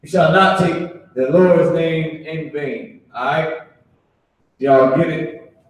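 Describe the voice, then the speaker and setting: A man's voice: fairly high pitch, slow pace. A man teaching a Hebrew class at a board, casual and repetitive, drawing out key words. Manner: casual, repeats and restarts, drawls key words. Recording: very echoey room, mic far off.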